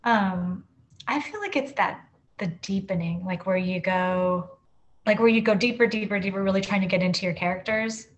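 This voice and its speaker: A woman author speaking as a guest in a casual interview. She talks in a loose, chatty way, full of fillers and quick restarts. Her voice sits at an ordinary middle pitch. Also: dull audio.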